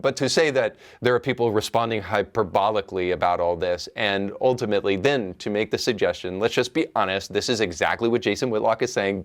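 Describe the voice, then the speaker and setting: A man hosting a commentary show, measured and argumentative as he reacts to clips. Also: on the low side. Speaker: host.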